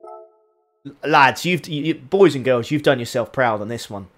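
A man chatting casually to viewers on his sim racing live stream, excitable and repeating his phrases. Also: medium pitch, moderate pace, soft background music.

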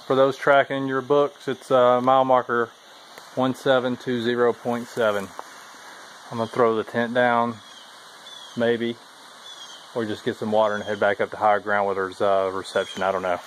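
A man's voice: mid-range voice, flat delivery, normal speed, slight background noise, low-quality recording. A man talking casually to his camera while camped outdoors on a long hike, easygoing and chatty, saying "y'all" a lot. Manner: laid-back Southern-style talk with "y'all". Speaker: thru-hiker vlogger. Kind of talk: casual vlog chat. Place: outdoors at a forest trail shelter.

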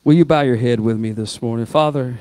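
A man preaching a sermon as pastor, swinging from loud rising exhortation to quiet spoken prayer. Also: medium pitch, fast, faint music behind. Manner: preaching with rising shouts, then hushed prayer. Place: church sanctuary.

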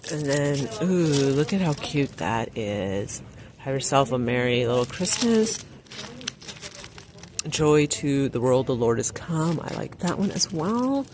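A woman's voice: very deep voice, very animated, slow, noisy background. A woman vlogging as she shops a store, chatty and gushing over what she finds, reading the greetings on cards aloud. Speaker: shopping vlogger. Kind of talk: casual shop-with-me narration. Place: inside a large store.

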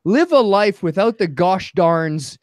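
A man with a high voice that swoops up and down chats on a panel. He jokes around and mimics people in silly voices. His sound is dry and close. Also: expressive, slow, dry recording. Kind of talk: casual panel chat.

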